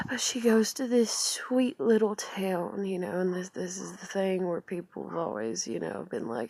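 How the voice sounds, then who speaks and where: A woman's voice: on the low side, moderate pace, creaky, hardly any pauses, a little mellow, no echo. A woman talking in a rambling confessional vlog, full of fillers and trailing off into whispered asides. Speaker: vlogger.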